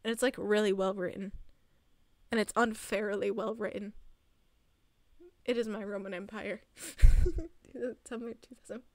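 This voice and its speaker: Teen girl streamer rambling and giggling, slow easy pace, dry close mic. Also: medium pitch, flat delivery, no echo. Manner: giggly, rambling, laughs often. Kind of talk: casual stream chat.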